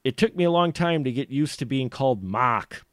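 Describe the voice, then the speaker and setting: A man's voice: medium pitch, animated, normal speed, fairly bright tone, no room sound, clean studio sound. A man from the upper Midwest co-hosting a podcast, rambling and laughing as he talks about films. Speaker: podcast co-host. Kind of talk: casual film discussion.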